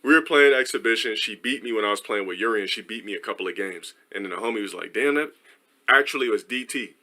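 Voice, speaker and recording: A man streamer telling a story in a rambling, profane, animated way. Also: fairly low pitch, quick pace.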